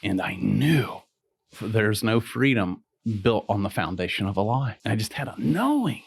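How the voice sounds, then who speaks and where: A middle-aged man, a podcast guest, telling a personal story in a casual, animated way, acting out the voices of people he quotes and swearing now and then. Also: lowish voice, normal speed, vocal fry, slightly rough, dry recording.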